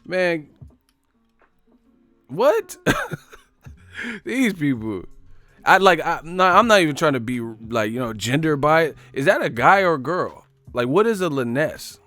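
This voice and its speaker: A man's voice: fairly high pitch, lively intonation, a little slow, pushed and bright, no echo, soft background music. A man from the Bay Area hosting a livestream, riffing in casual, profane slang. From San Francisco Bay Area. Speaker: livestream host.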